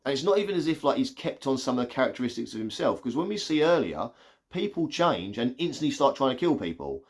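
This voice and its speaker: Bloke doing a casual movie review, rambly and excitable, says like a lot, ordinary middle pitch. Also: male voice, fast talker, husky. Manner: chatty, excitable retelling full of "like".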